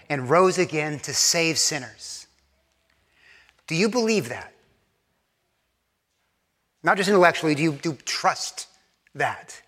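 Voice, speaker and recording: Male pastor, sermon, high voice, bright tone, echoing church hall. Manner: earnest preaching, rising emphatic then dropping to hushed soft tones.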